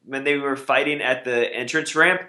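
A man chats casually as a podcast co-host, his laid-back talk full of fillers and trailing thoughts. His mid-pitched voice sits in a roomy, echoey space on a home mic. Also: steady tone, moderate pace, pushed and bright. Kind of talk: casual wrestling recap chat.

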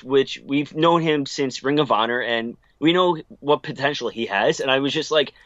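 A man's voice: mid-range voice, steady tone, normal speed, a bit bright, no room sound, lo-fi sound. A man co-hosting a podcast, giving long opinionated takes on wrestling in a casual, rambling way. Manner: opinionated, rambling, restarts often. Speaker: podcast co-host.

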